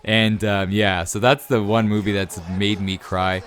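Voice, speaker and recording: Man, thirties, low voice, chatty gaming YouTuber, casual viewer Q&A, rambling. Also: flat delivery, unhurried, fairly bright tone. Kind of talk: casual Q&A over gameplay.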